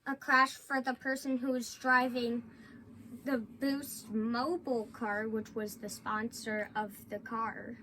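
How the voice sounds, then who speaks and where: A woman's voice: a little high, little pitch movement, takes it slowly, noisy background. A woman co-hosting a casual racing podcast, giving brief, hesitant answers. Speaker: podcast co-host.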